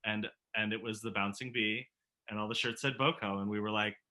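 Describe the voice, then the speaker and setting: A man with a bright, forward voice talks casually about his conservatory years. He is animated, laughs easily and trips over his own restarts. He comes through a video call. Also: lowish voice, brisk. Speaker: musical theater professor and alumnus. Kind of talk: casual reminiscing conversation.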